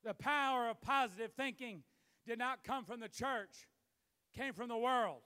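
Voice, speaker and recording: A man preaching a sermon as pastor, building to shouted emphasis, recorded in a church. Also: extremely high pitch, normal speed, smooth. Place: church sanctuary. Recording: long hall reverb.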